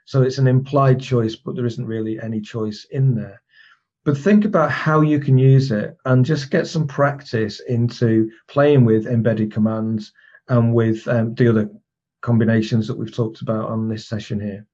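A man's voice: mid-range voice, fairly even intonation, normal speed, a little mellow, slightly rough, lo-fi sound. A man teaching a recorded lesson as a trainer, explaining techniques step by step with demonstration phrases and frequent restarts.

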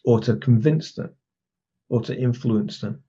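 A man's voice: mid-range voice, a little slow, mellow, slightly rough, lo-fi sound. A man teaching a recorded lesson as a trainer, explaining techniques step by step with demonstration phrases and frequent restarts.

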